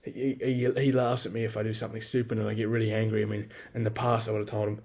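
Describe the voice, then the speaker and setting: A man's voice: lowish voice, flat delivery, quick pace, a little mellow. A young man talking through a rambling, frank personal monologue, swearing freely and poking fun at himself. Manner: rambling, swears a lot, frank and self-deprecating.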